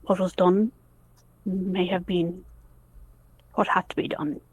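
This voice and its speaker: A woman in whispered role-play, voicing a solemn female dragonborn devotee, husky and measured. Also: fairly low pitch, flat delivery, poor audio. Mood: grave.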